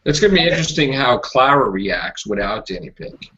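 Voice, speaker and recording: A man co-hosting a casual fan podcast chat, animated and acting out scenes in little voices. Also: mid-range voice, a little fast. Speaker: podcast co-host. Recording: lo-fi home podcast audio, audible noise.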